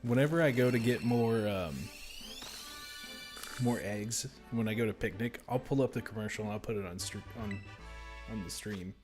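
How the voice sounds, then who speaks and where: A man with a fairly low voice chats casually while he streams a game. He rambles from one story to the next and laughs through his own jokes. Game music plays clearly underneath. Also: moderate pace, darkish tone. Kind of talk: casual live-stream chat.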